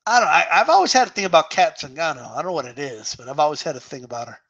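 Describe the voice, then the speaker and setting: Male boxing-stream host, high voice, laughs a lot, slangy and casual. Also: expressive, rapid-fire, fairly bright tone, highs cut off. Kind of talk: casual chat reading viewer questions.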